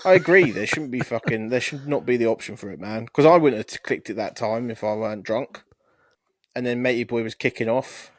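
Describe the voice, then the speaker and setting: A man's voice: medium pitch, a little fast, no echo. A young man co-hosting a podcast, telling rambling, sweary anecdotes. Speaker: podcast co-host. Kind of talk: casual podcast chat.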